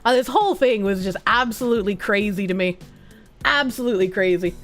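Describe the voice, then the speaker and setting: A woman's voice: medium pitch, animated, a little fast, soft background music. A woman streamer with a Boston accent, chatting bluntly and casually with her viewers, swearing often and breaking into laughs.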